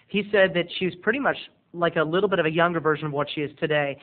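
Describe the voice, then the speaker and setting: A man's voice: a little high, very fast, few pauses. A camp, rambling man telling a funny family story. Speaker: video blogger. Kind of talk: comic storytelling to camera. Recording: lo-fi, phone-like webcam audio.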